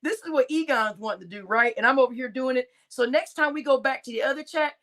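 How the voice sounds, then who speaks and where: A woman's voice: high-pitched, quick pace, a bit bright. A woman hosting a casual live stream, chatting and laughing with her viewers and addressing them as y'all. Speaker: livestream host.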